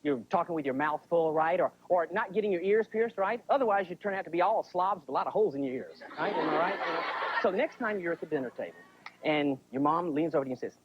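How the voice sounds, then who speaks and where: A man's voice: on the high side, lively intonation, fast talker, noisy background. Chatty stand-up comic man. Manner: chatty, keeps asking the crowd "right?". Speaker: stand-up comedian. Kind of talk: stand-up comedy routine. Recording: dull 1980s TV sound.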